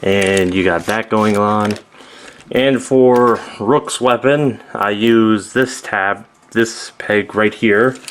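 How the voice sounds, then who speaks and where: A man's voice: on the low side, slight background noise. A man giving a casual, rambling toy review, often correcting himself mid-sentence. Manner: rambling, self-correcting, offhand.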